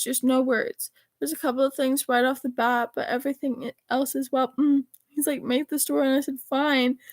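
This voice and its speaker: A high-voiced teenage girl chats casually to her phone, reading out a string of text messages in a rambling, animated way and swearing freely. The recording is close and dry, with no room sound. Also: no echo. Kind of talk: casual chat reading out texts.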